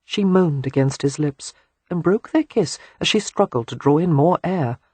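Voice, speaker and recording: An audiobook narrator reading a romance novel in a soft, hushed, unhurried way. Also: medium pitch, animated, husky, no echo.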